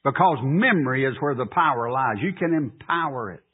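A man preaching a sermon as pastor, reading scripture aloud and pressing his congregation with emphatic, drawn-out questions. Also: lively intonation, husky. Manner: preaching, rising to emphatic high pleas, drawn-out delivery. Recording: tinny phone-like radio broadcast.

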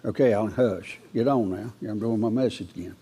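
A man's voice: moderate pace, mellow, husky. A man preaching a folksy verse-by-verse sermon, lifting his voice to read scripture aloud and asking his listeners questions along the way. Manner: folksy, rises in pitch when reading scripture aloud; asks the congregation questions.

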